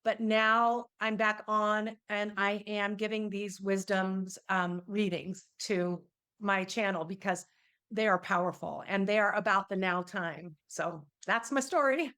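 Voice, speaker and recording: A woman's voice: mid-range voice, steady tone, measured pace, fairly bright tone, clear, resonant tone. A middle-aged woman, an energy healer, telling a personal story in an interview and acting out the quoted dialogue with animation.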